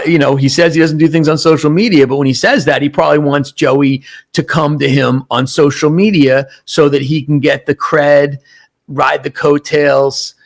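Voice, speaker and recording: A man hosting crime commentary, talking casually in a mocking, animated way and quoting others. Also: on the high side, vocal fry.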